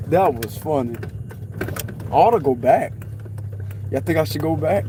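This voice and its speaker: A man's voice: a little high, animated, unhurried. A man rambling and laughing to viewers while out at night near his truck, swearing freely, sweaty and out of breath. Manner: giggly, profane, loose slang. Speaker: vlogger. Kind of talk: rambling casual talk to viewers. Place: in and around a truck outdoors at night. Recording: street noise outdoors.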